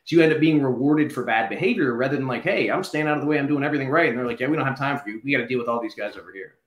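A former prisoner appears as a guest in a conversational interview, arguing his points in an articulate, reasoned way. He speaks very fast in a mid-range voice, and the recording has a roomy echo.

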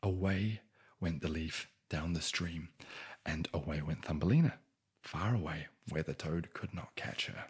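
A man whispering a bedtime fairy tale as an ASMR sleep story into a close microphone, soft-spoken, with wry joking asides. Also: sits low, a little slow, breathy edge.

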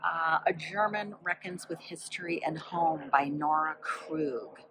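A woman's voice: low-pitched, unhurried, background noise. A woman chatting casually about a book she read, rambling with many fillers as she flips through its pages to find examples. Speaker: book vlogger.

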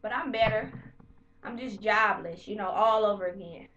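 A woman vlogger telling the story of her bad day to camera in a heated, profane, animated way. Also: mid-range voice, moderate pace, far from the mic, highs cut off, soft background music. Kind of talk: casual storytelling rant to camera.

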